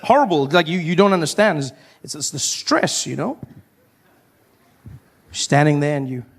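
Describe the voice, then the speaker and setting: A man in his thirties from South Africa with a South African accent, performing stand-up comedy in an animated way with stammering restarts. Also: fairly high pitch, normal speed, slightly rough.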